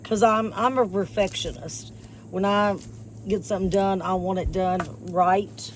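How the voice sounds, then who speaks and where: A vlogger with a steady, medium-pitched voice chats unhurriedly with her viewers while she pulls weeds in the yard beside her porch. Her talk is rambling and folksy, marked by a slight cough from a chest infection, and a little hiss or hum runs through the audio.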